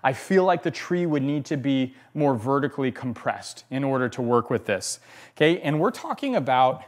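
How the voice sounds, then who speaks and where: A man teaching bonsai display as he works, talking casually and repeating phrases, often checking in with "okay?" and "right?". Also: mid-range voice. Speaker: bonsai instructor. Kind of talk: hands-on demonstration talk.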